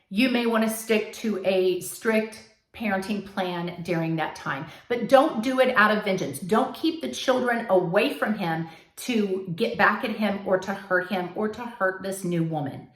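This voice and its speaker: A woman's voice: mid-range voice, a bit bright. A woman coaching her listeners firmly in a direct advice talk, sometimes acting out what they might say. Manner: firm, coaching, acts out quoted lines. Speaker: advice host. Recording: echoey room.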